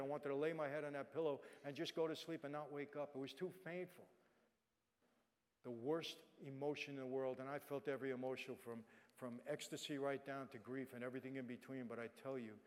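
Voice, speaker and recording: A middle-aged man giving a personal testimony to an audience, swinging from hushed to loud, emphatic passages. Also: medium pitch. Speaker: guest speaker. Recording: long hall reverb.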